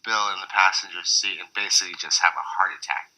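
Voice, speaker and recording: A young man in an interview, excitably telling a party story, swearing freely and acting out his own reactions. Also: deep voice, fast talker, rough recording. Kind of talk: casual anecdote interview.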